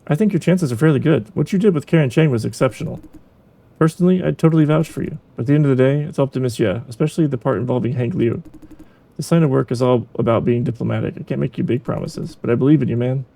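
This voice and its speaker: A man voicing a calm, encouraging male supervisor in a game, speaking in a measured way. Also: medium pitch, gravelly. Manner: measured, reassuring. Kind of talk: reading a game's dialogue aloud.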